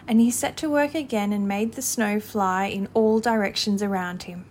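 A woman narrating a classic storybook in an expressive, measured reading voice. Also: medium pitch.

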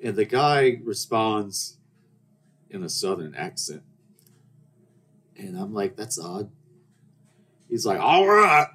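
A man's voice: fairly low pitch, takes it slowly, long pauses, breathy edge. A young man hosting a podcast, telling rambling, self-deprecating stories about his trip in a casual monologue. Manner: rambling, self-deprecating anecdotes with acted-out quotes. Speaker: podcast host.

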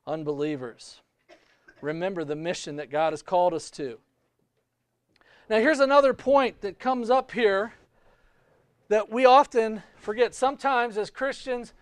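A man preaching a sermon as pastor, emphatic, with big swings in pitch and loudness. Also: clear, resonant tone, dry recording.

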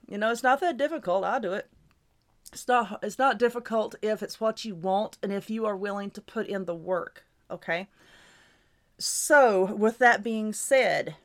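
A woman hosting her own show, giving casual, reassuring advice in a chatty, repetitive way while stifling hiccups. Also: mid-range voice. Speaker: YouTuber and podcast host.

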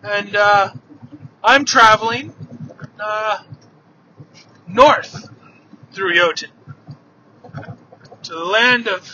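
A man's voice: high-pitched, very slow, pauses often, pushed and bright, full character voice. A man voicing a huge, easygoing male giant in a told myth, with a breezy, unbothered manner. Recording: dull lo-fi with faint noise.

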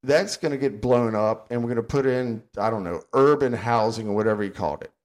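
A man's voice: medium pitch, fairly quick, a little mellow. An older man, co-hosting a casual podcast and ranting bluntly and sarcastically. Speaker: podcast co-host.

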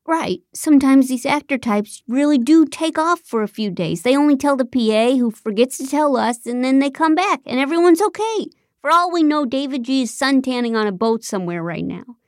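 A woman's voice: sits high, lively intonation, moderate pace, hardly any pauses, darkish tone, dry recording, clean studio sound, pitched above the performer's own voice. A woman reading the part of a nervous male TV producer who rambles anxiously. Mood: babbling.

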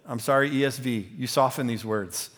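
A man preaching a sermon as pastor, talking conversationally with many fillers and restarts, growing animated as he goes. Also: medium pitch, moderate pace.

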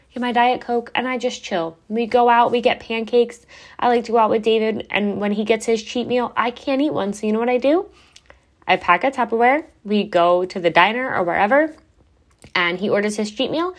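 A young adult woman hosting a podcast, chatting casually and swearing now and then, with lots of "like". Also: mid-range voice. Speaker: podcast host.

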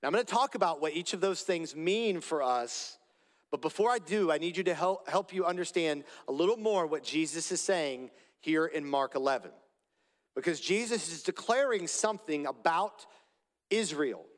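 Pastor guy preaching slow and emphatic, bit higher voice, long echo like a big hall. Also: animated. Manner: deliberate, emphatic, repeats key phrases. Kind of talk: sermon.

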